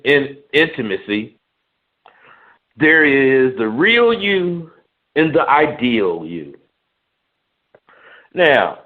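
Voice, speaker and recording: A man giving frank, emphatic advice on dating and manhood, swearing freely. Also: fairly high pitch. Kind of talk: advice monologue. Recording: tinny phone-like audio.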